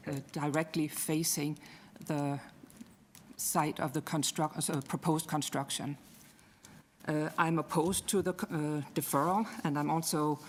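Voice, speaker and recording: Deep-voiced woman objecting at a hearing. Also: slight background noise. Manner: earnest, halting objection. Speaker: resident speaker. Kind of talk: public hearing testimony.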